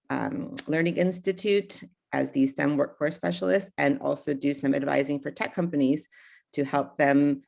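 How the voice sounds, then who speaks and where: A woman introducing herself as a panelist over a video call, listing her career in a steady way. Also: low-pitched, vocal fry.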